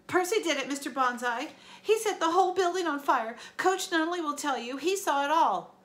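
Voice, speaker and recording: A woman's voice: high-pitched, lively intonation, moderate pace, fairly bright tone, pitched above the performer's own voice. A woman voicing a panicked schoolboy tattletale, frantic and accusing.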